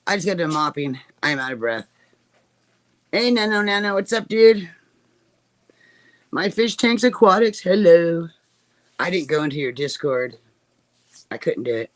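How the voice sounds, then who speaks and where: A woman's voice: fairly low pitch, expressive, a little slow, long pauses. A woman streaming live, chatting casually and joking as she greets viewers by name. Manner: jokey, rambling, greets chat by name.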